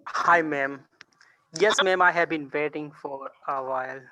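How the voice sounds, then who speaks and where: A polite man student on a video call, speaking a little high. He talks hesitantly with many fillers, and the sound is dry and close. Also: unhurried, pushed and bright, no room sound, low-quality recording.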